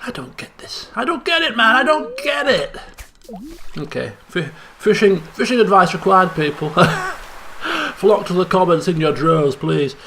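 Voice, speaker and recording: A young man giving excitable let's play commentary, chattering and repeating phrases in bursts. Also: sits high, unhurried, a little hiss or hum. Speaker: gaming channel host.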